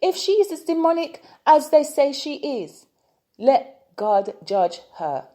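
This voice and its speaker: Very animated yet slow, a UK tarot reader and vlogger rants with passion in her opinion vlog, asking rhetorical questions over and over. Her voice is high-pitched and warm.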